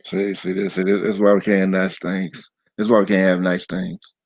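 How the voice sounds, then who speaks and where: A man in casual chat, relaxed, repeating words as he gets going. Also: low voice, brisk, creaky, no echo.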